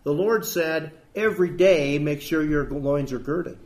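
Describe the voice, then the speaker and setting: Emphatic high-voiced male preacher. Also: a little slow, darkish tone. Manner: emphatic, rhetorical questions, quotes scripture. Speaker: pastor. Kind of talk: sermon.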